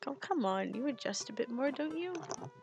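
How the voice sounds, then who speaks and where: A woman's voice: high voice, big pitch swings, normal speed, creaky, lo-fi sound, over music. A young woman streaming a dating game, chatting and giggling while reading the game text aloud on a headset mic. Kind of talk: let's-play commentary. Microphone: headphones and mic.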